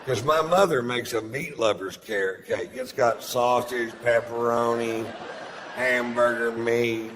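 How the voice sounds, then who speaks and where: A middle-aged man, doing a stand-up set with drawling, deadpan storytelling and crude punchlines. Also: medium pitch, measured pace. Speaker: stand-up comedian. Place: large theater stage with audience laughter. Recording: live hall recording with long reverb and audience noise.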